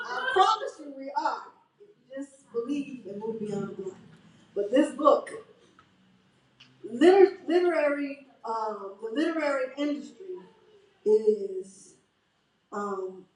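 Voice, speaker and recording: A woman's voice: fairly high pitch, darkish tone, a little hiss or hum. Author from Chicago, a woman, earnest and rousing, heard from a distance in an echoey hall. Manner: earnest and rousing, addresses the crowd as y'all. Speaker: author hosting her book launch. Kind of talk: speech at a book reception. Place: event hall at a book reception. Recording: echoey hall, mic from a distance, faint ambience.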